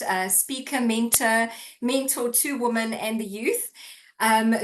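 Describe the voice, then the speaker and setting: A woman's voice: fairly high pitch, fairly bright tone. A woman from Italy who is a speaker and mentor. She introduces herself in an enthusiastic, giggly way. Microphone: video call. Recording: roomy echo.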